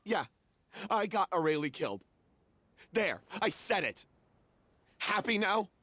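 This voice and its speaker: A man's voice: sits high, sing-song, takes it slowly, sharp tone, no echo, exaggerated voice. An actor voicing a remorseful male troupe member who confesses his mistake and blames himself. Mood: bitter. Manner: confessional, self-reproaching. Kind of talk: game voice acting.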